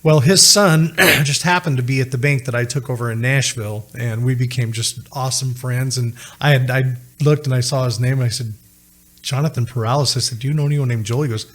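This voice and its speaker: A man's voice: medium pitch, fairly quick, a bit bright. A middle-aged man telling a personal story as a podcast guest, acting out the voices of the people he quotes.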